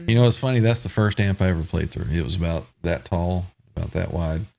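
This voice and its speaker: A man hosts a casual live stream, reading viewer comments aloud from the live chat, chatting with guests, and laughing often. His voice sits low with vocal fry, he speaks fast, and crowd noise is audible.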